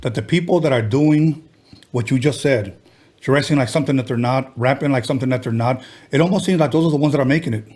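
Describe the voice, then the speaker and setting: A man's voice: medium pitch, fast talker, a little mellow. A man hosting a podcast, talking bluntly and animatedly in casual chat, swearing freely. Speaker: podcast host.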